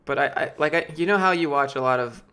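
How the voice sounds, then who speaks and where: A man in his late twenties from Georgia, US, is losing his voice as he rambles casually through questions from his live-stream chat. His voice is fairly high, fast, pushed, bright and smooth. He leans heavily on fillers and keeps restarting.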